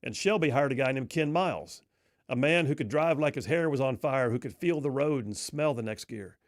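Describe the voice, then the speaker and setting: A male talk radio host spins a dramatic story in a folksy, emphatic manner. His voice sits at a middle pitch. The sound is dry and close, with no room echo. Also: normal speed.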